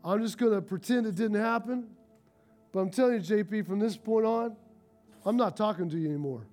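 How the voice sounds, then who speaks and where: A pastor acting out a man whose truck was dented, first ranting fast and high, then calm and gentle. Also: faint music behind, natural voice. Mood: cold, curt. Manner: ranting fast and high when angry, gentle and low when forgiving.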